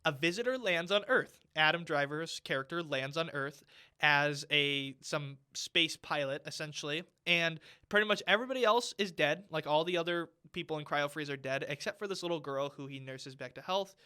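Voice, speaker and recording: A man's voice: a little high, moderate pace, sharp tone, smooth. A man co-hosting a podcast, giving a rambling, emphatic casual movie review. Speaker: podcast co-host. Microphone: studio microphone.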